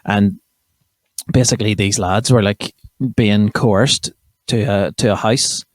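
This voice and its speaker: A young Northern Irish man from County Armagh hosts a comedy podcast, rambling, swearing and cutting himself off in a casual comedic monologue. His voice is lowish and steady, and he takes his time. The recording is dry, with clean studio sound.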